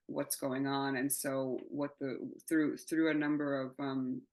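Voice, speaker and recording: A woman's voice: very deep voice, little pitch movement, unhurried, a little mellow, low-quality recording. A woman in her thirties, a playwright giving an interview in candid, rambling casual chat, often laughing and swearing. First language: not English. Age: 30s. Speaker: playwright guest.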